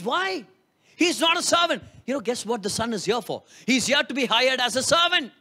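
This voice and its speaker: A man's voice: very high-pitched, expressive, fairly quick, pushed and bright. A man preaching a sermon, emphatic, asking rhetorical questions and repeating key lines. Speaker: pastor.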